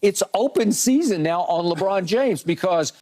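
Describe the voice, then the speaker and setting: High-voiced man arguing sports. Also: lively intonation, normal speed, darkish tone, a little hiss or hum. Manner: emphatic, argumentative, mimics others in higher voice. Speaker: sports debate commentator. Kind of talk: sports debate commentary.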